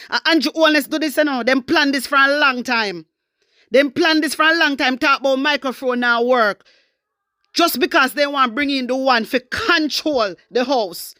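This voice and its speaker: A Jamaican woman delivers a heated political rant in patois, hammering her points with repetition. Her voice sits high and sounds bright and sharp. The recording is dry and close. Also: dry recording. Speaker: political commentary host. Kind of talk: angry political commentary monologue.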